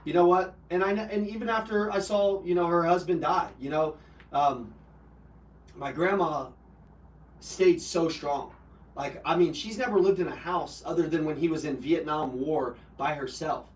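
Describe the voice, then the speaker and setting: A man's voice: a little high, normal speed. A man hosting a live personal development call, telling an emotional personal story bluntly with swearing and fillers. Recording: roomy, from a distance.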